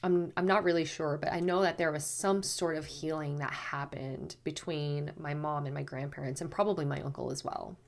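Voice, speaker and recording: A woman with a low-pitched voice tells a personal story straight to camera. She speaks as a spiritual teacher, casual and chatty. She leans on "like" and slips into animated quotes of herself. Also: moderate pace, vocal fry, hardly any pauses.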